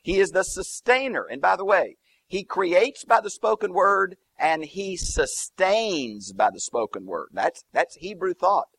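A man's voice: high-pitched, measured pace. A man teaching through a Bible passage verse by verse, explaining Greek and Hebrew terms with emphatic lists. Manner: lively, swooping emphasis on key words.

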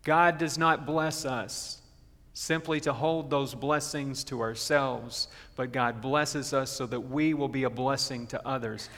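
A man preaching a sermon as pastor, earnest and slowing down to stress his key points. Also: medium pitch, steady tone, a bit bright. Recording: long reverb of a large hall.

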